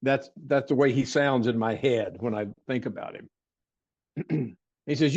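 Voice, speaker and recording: Older man telling stories, clearing his throat. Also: medium pitch, measured pace, pauses often, a little mellow, muffled recording. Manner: rambling, frequent throat clearing and restarts. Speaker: interview guest, martial arts teacher. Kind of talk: storytelling in an interview.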